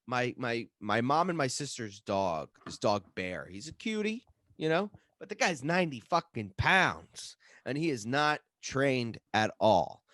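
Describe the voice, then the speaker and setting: A man co-hosting a comedy podcast, telling a profane story with lots of swearing and shouted reenactments. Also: mid-range voice, a little slow, no room sound, studio quality. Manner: profane, animated, acts out his own yelling. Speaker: podcast co-host.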